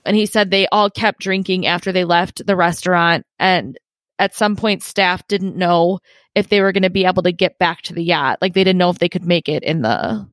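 A woman's voice: on the low side, moderate pace, no echo. A woman co-hosting a casual true-crime podcast, recounting events with frequent laughter. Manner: chatty, laughs often, recounts story. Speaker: podcast co-host.

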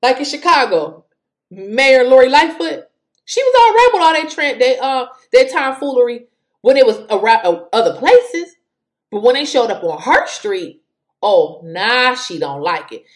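Fiery, exasperated woman, high and lively. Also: normal speed. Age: adult with school-age children. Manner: fiery and exasperated, repeats words for emphasis. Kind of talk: opinionated political commentary.

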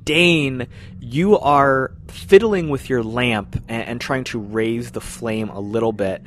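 Dude gm narrating slow, faint hiss in the background. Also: male voice, medium pitch, fairly bright tone. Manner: descriptive, unhurried narration with fillers. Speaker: game master. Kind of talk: narrating a tabletop game.

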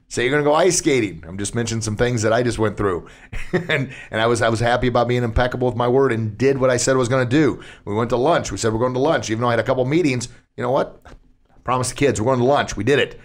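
Upbeat middle-aged man hosting a podcast. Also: mid-range voice. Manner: upbeat, laughs at own slips. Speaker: podcast host. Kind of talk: casual podcast talk. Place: recording studio.

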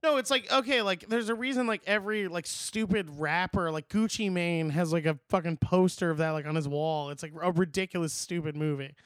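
A man's voice: high voice, steady tone, fairly quick, few pauses, fairly bright tone, no room sound. A young man in casual chat, rambling and swearing as he retells movie scenes. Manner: rambling, profane, quotes movie lines in put-on voices.

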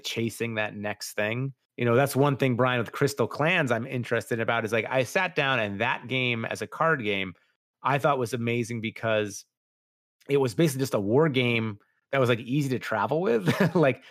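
Loose, rambling podcast host, dry sound. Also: male voice, medium pitch, a bit bright, no room sound. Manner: rambling, loose, full of fillers. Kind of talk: casual chat about tabletop games.

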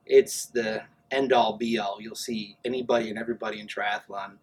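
A man's voice: on the low side, fairly even intonation, normal speed, a little mellow, husky, rough recording. A man telling stories casually as an interview guest, acting out the voices of the people he quotes. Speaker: guest, amateur triathlete.

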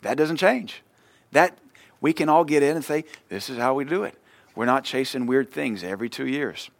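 A gravelly, medium-pitched voice carries a pastor's sermon at normal speed in a dry recording. His delivery is conversational, and he dramatizes quick, ordinary dialogues along the way.

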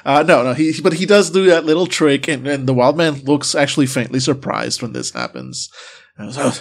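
A man narrating a tabletop game as game master, halting often with fillers and restarts. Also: on the high side, sing-song.

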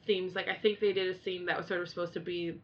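A woman co-hosting a casual chat, rambling and animated with many fillers. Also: fairly low pitch, fast. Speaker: podcast co-host. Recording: dull lo-fi sound.

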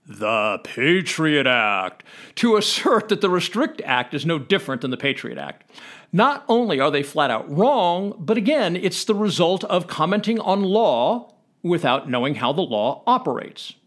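Lively-voiced man explaining legal text. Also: fairly high pitch. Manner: measured, emphatic, quoting statutes aloud. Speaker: podcast host explaining law.

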